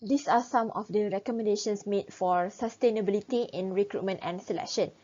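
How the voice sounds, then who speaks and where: A young woman, a student reading a class presentation in a steady, read-aloud way with small restarts. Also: mid-range voice, brisk. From Malaysia. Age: young adult. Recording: dull lo-fi recording.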